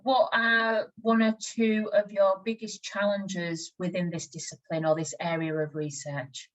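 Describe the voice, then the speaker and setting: A woman interviewing a guest, asking measured questions and agreeing readily. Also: medium pitch, little pitch movement, low-quality recording. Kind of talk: conversational interview.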